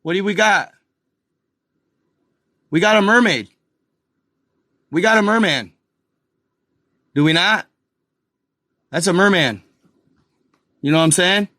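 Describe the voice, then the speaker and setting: An excitable man with a drawl rambles through a live show, speaking straight to his viewers. His voice is bright and pushed, a little higher than most men's, and it sits close and dry on the mic with no room sound. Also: slow, long pauses, no room sound. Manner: excitable, rambling, addresses viewers as guys and y'all. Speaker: channel host. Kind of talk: casual live commentary over a map.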